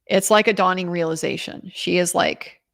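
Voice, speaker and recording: A woman's voice: fairly low pitch, fairly even intonation, moderate pace, vocal fry, a bit bright. A woman commentator giving a casual, chatty recap of a trial, with many restarts and quoted lines.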